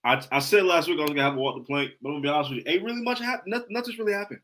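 A man's voice: a little high, rapid-fire, a bit bright. A man co-hosting a casual sports podcast, talking with enthusiasm and often repeating and restarting his words. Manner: enthusiastic, repeats himself, stumbles over words. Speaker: podcast co-host.

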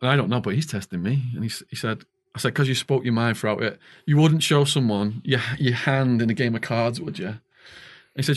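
Picture a middle-aged English man as a podcast guest, spinning a long tale with real momentum. He jumps into the quoted lines of the people in his story. His voice sits at an ordinary pitch for a man. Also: fast talker. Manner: animated storyteller acting out quoted dialogue. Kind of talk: storytelling interview.

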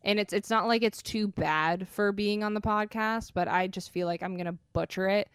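A woman's voice: medium pitch, normal speed, clear, resonant tone, no room sound, clean studio sound. A young adult woman co-hosting a casual podcast, talking in an enthusiastic, rambling way and laughing as she goes. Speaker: podcast co-host. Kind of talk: casual chat.

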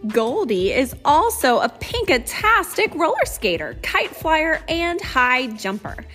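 A woman reading a children's picture book aloud in an animated, sing-song storytelling manner. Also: high voice, slow, long reverb tail, soft background music. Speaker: storybook reader. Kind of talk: expressive read-aloud narration.

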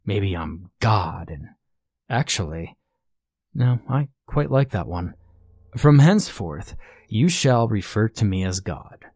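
A man's voice: fairly low pitch, very animated, slow, a little mellow, slightly rough, dry recording, clean studio sound, heavily acted. A man voicing a grinning, sinister male doppelganger who calls himself God, speaking in a smug, mocking, commanding way.

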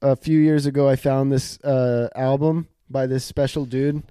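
A man's voice: medium pitch, little pitch movement, normal speed, mellow, smooth, dry recording, clean studio sound. A young man co-hosting a podcast, joking around in casual banter, laughing often and swearing. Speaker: podcast co-host. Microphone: desk mic in front of laptop.

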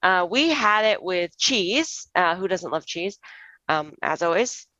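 A woman's voice: on the low side, expressive, slow, sharp tone, dry recording, muffled recording. A young woman co-hosting a podcast, chatting casually and recommending a wine with lots of fillers. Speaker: podcast co-host.

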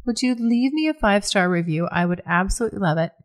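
A woman's voice: mid-range voice, animated, fast talker. Frank, chatty woman podcast host. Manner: frank and chatty, swears freely, many restarts. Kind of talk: candid solo podcast talk.

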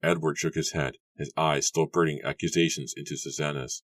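A man reading an audiobook as narrator in a steady, measured way. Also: extremely low pitch, no room sound. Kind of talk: scripted narration.

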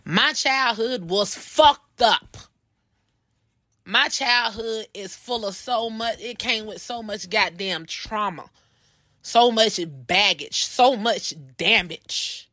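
A woman's voice: mid-range voice, pushed and bright, dry recording, clean studio sound. Blunt, heated woman podcaster. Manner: blunt, profane, heated storytelling. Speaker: podcast host. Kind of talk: personal podcast monologue.

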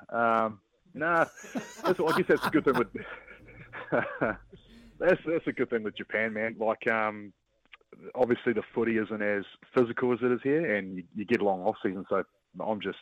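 A rugby player, chatting as a guest over the phone in a laid-back, hesitant way with lots of fillers. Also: male voice, fairly low pitch, a bit bright, no echo. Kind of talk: casual chat on a phone line. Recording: dull, dry phone-line sound.

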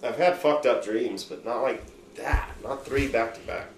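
A man's voice: mid-range voice, normal speed. A man hosting a podcast, telling a rambling, profane story in loose casual chat. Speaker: podcast host. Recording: roomy room with faint noise.

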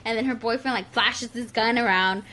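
A woman's voice: on the high side, normal speed, sharp tone. A woman in a casual chat, hesitant and searching for words as she tells a memory. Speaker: podcast co-host.

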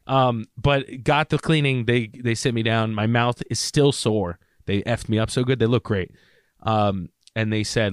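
A man of middle pitch telling a story in a casual podcast chat, jumping into voices for the people he quotes. The sound is dry and close, with no room in it. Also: unhurried, clean tone, no echo. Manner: animated, acts out quoted voices. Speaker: podcast co-host.

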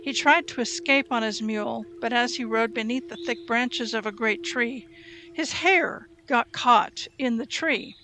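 A woman reading scripture aloud in a measured, storytelling way. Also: a little high, bright, forceful tone. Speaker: Bible reader.

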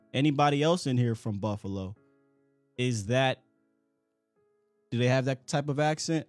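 A man hosts a live call-in sports show in casual chat. His pitch jumps around a lot as he talks, and his voice sounds dry and close to the mic. Faint music runs underneath. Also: no echo. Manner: animated, talkative, quick asides.

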